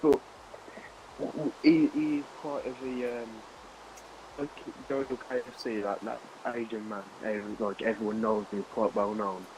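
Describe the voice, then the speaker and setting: There's background noise as a young man, a streamer, unhurriedly recounts a rambling tale to friends over a casual gaming session. His voice sits on the low side with fairly even intonation, and the story is peppered with restarts and laughs.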